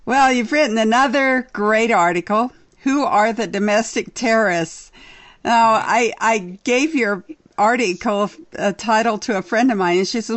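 A woman's voice: fairly high pitch, unhurried, dry recording. A woman hosting a political talk radio show, talking earnestly with her guest.

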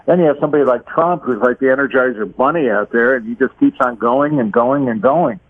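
A man's voice: mid-range voice, very animated, a little fast, creaky. Guy calling in on a tinny phone line, lots of uh and you know, stumbles over words. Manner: hesitant, repeats words, many fillers. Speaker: caller. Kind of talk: casual phone interview. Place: Florida.

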